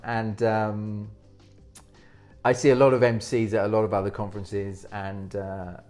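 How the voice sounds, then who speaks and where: A man's voice: lowish voice, flat delivery, a little slow, a little mellow, soft background music. A man giving presentation advice in an interview as a speaking coach. He talks energetically, often restarting his sentences, and demonstrates techniques as he goes.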